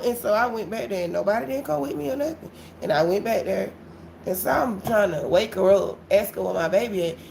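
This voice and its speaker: Profane, animated woman live-streaming a story. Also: medium pitch, a little hiss or hum. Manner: animated, blunt and profane, addresses viewers as y'all. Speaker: livestreamer.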